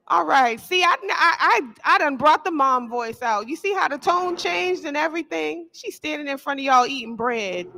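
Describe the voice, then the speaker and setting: A woman's voice: high-pitched, lively intonation, moderate pace, gravelly, few pauses, sharp tone. A tired woman emceeing a live event on a handheld mic, playful and teasing with a firm motherly edge and folksy slang. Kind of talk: casual live event hosting. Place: event venue with a live audience.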